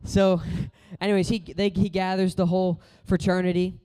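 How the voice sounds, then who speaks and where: Male preacher, high smooth voice, chatty sermon delivery with loud and quiet swings. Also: level tone, moderate pace. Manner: casual, conversational preaching with storytelling; voice rises and falls between loud exhortation and quiet storytelling.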